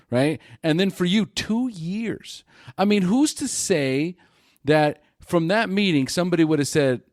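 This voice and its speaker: A man's voice: on the high side, normal speed, no echo, clean studio sound. A man hosting a podcast interview, talking bluntly and animatedly about recovery. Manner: animated, blunt, swears freely. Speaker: podcast host. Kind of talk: casual interview chat.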